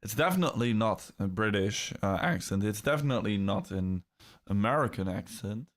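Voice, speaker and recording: Brief: young Dutch-accented male streamer, lowish pitch, loose, chatty, stumbling restarts. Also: animated, normal speed. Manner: chatty, repeats words, restarts sentences. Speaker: crypto livestream host. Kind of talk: casual livestream chat reading comments.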